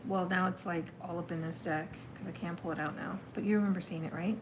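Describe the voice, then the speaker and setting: A woman's voice: on the low side, steady tone, fast talker, background noise. A woman giving a casual live tarot reading, chatty and thinking aloud as she exclaims over the cards. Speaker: tarot reader.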